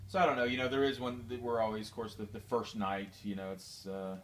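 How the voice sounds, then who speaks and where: A man's voice: lowish voice, little pitch movement, a little fast, a bit bright. A man hosting a casual let's-play, rambling with hesitant fillers while he comments on the game. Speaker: gaming host. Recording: distant mic in a roomy space, faint noise.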